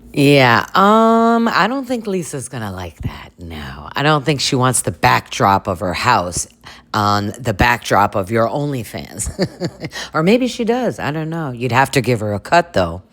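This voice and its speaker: A woman's voice: a bass voice, very animated, measured pace, fairly bright tone. A woman in her forties giving campy, sarcastic commentary on a reality show. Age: 40s. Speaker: reaction channel host.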